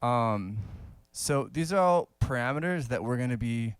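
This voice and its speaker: Smooth-voiced man teaching casually. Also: medium pitch, measured pace, no room sound, clean studio sound. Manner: relaxed, conversational, many fillers and little laughs. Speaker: saxophone teacher. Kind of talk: casual video lesson.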